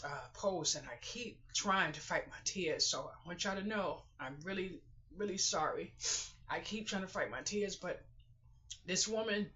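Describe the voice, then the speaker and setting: A woman's voice: low voice, fairly bright tone, lo-fi sound, slight background noise. A woman vlogger talking to her viewers in a casual, heartfelt way, earnest and emotional, teary and sniffling as she speaks. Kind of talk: casual heartfelt talk to camera.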